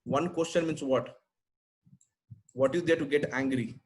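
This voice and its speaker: Male sales trainer, slightly raised pitch, blunt emphatic delivery over a video-call mic. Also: unhurried, a little hiss or hum, poor audio. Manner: blunt, emphatic, repeats "right?" and "simple". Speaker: sales trainer answering questions. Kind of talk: webinar Q&A.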